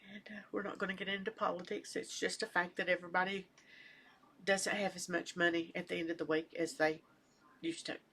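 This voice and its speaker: Soft, husky older woman chatting. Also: lowish voice, flat delivery, brisk. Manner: rambling and soft-spoken, trailing off into near-whispers. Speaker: knitting vlogger. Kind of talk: casual chat. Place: at home.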